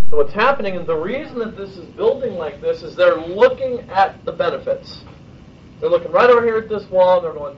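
A man's voice: animated, a little fast. A man leading a sales training session, talking directly and often checking in with the group. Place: training room, filmed on video camera. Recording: dull lo-fi video with faint rumble.

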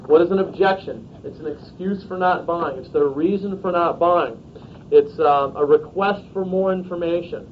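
Male sales trainer, higher voice, direct and no-nonsense, lo-fi training video. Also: normal speed. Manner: direct, checks in with "okay?". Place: training room, filmed on video camera. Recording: dull lo-fi video with faint rumble.

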